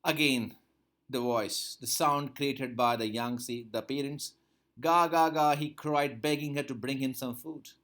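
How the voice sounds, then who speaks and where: A man's voice: medium pitch, steady tone, unhurried, a bit bright. A man teaching a textbook story, reading each line aloud and then repeating and explaining it. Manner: reads a line, then repeats and paraphrases it with rising emphasis. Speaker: English teacher.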